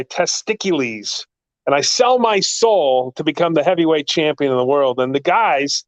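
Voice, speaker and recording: A man telling wrestling stories in a casual chat, excitable and rambling, his pitch jumping up in the story. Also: no room sound, rough recording. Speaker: guest, actor and former wrestling manager.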